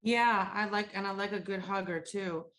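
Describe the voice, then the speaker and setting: A woman's voice: medium pitch, normal speed, a bit bright, slight background noise. A woman co-hosting a casual podcast, telling stories candidly and swearing freely. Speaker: podcast co-host.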